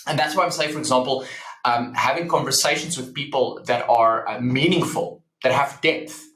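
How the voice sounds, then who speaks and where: A man talking as a psychology professor guest in a casual podcast interview, explaining earnestly with lively anecdotes and many ums. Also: mid-range voice, moderate pace. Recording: roomy echo.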